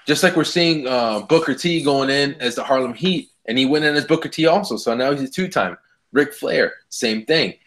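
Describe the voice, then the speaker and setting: A man's voice: mid-range voice, normal speed, fairly bright tone. A man co-hosting a casual podcast, ranting heatedly with lots of swearing. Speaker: podcast co-host. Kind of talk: casual wrestling chat.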